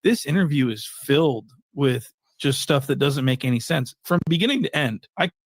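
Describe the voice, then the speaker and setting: A man's voice: mid-range voice, animated, normal speed, no echo, studio quality. A man giving casual reaction commentary in an incredulous, mocking way.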